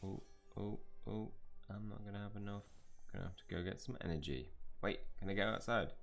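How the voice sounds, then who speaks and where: A man's voice: on the low side, brisk, creaky, faint music behind. A man casually commentating his mobile game playthrough, rambling and joking at himself. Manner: rambling, self-deprecating. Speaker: gaming channel host.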